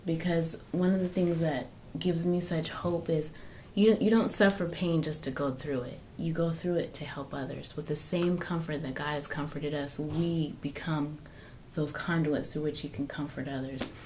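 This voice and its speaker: A woman co-hosting a faith-based marriage talk with her husband, speaking in a measured, preaching cadence. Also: low-pitched, steady tone, mellow, slight background noise, rough recording. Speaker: co-host, wife.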